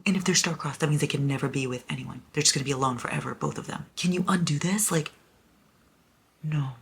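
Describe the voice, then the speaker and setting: Gushing young woman with a gravelly voice. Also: extremely low pitch, fairly quick, slight background noise. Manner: gushing, excitable, swears freely. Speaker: book vlogger. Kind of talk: casual reading vlog.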